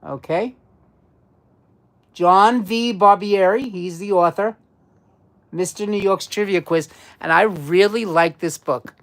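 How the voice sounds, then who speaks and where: A woman's voice: mid-range voice, slow, long pauses. A woman hosting a casual live-stream trivia quiz, chatty and repeating herself as she talks to viewers. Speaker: livestream trivia quiz host.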